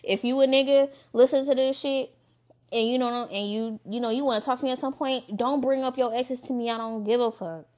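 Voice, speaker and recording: A woman's voice: a little high, fairly even intonation, a little mellow. Candid young woman telling a story. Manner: candid, profane, quick asides. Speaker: podcast host. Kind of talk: casual storytelling.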